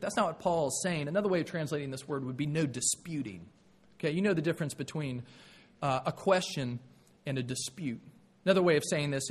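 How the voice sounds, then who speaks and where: A middle-aged man, preaching a folksy, conversational sermon full of rhetorical questions. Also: on the high side. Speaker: pastor.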